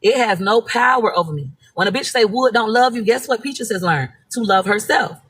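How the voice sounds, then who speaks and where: Her voice is a little high, somewhat bright, and husky, expressive at a moderate pace. She is a Florida woman and social media personality telling blunt, profane, emphatic stories in a casual live-stream monologue.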